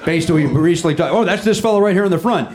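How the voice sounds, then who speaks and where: A middle-aged man hosting a live comedy podcast on a club stage, teasing the audience with quick sarcastic crowd work. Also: sits high, a little mellow, slight background noise.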